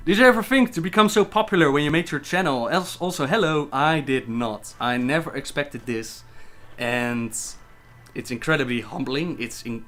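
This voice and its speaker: A man hosts a casual livestream Q&A with a slightly higher than usual voice. He reads each viewer question aloud and then answers it conversationally. Soft background music plays faintly beneath his speech. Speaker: gaming lore livestreamer.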